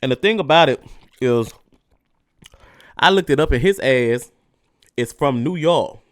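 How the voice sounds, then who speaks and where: A man's voice: medium pitch, expressive, unhurried, no echo, clean studio sound. A man hosting a solo podcast, ranting casually and profanely with heated energy while his mouth burns from spicy food. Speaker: podcast host.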